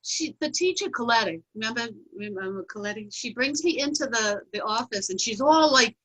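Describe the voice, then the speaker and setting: A middle-aged woman comedian telling a funny story in a lively, laughing group chat. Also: fairly high pitch, moderate pace, rough recording. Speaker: comedian guest.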